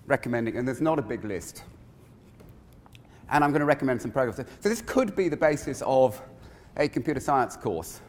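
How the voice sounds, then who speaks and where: Animated man giving a keynote in a hall. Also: mid-range voice. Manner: animated, conversational, digressive. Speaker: keynote speaker. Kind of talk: conference keynote talk. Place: large conference hall. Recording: long reverb of a conference hall.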